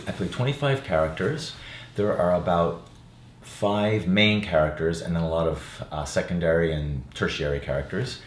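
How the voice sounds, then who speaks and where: Older male actor-playwright, deep voice, easygoing interview chat, roomy room. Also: normal speed, a little hiss or hum. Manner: relaxed, reflective, with frequent fillers. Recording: roomy sound with faint ambience.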